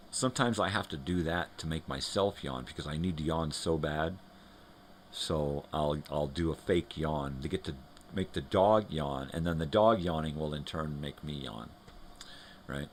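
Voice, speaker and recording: A man's voice: very deep voice, unhurried, slight background noise. A man hosting a live morning show from home, chatting loosely and rambling, turning now and then to talk to his dogs. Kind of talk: casual rambling chat.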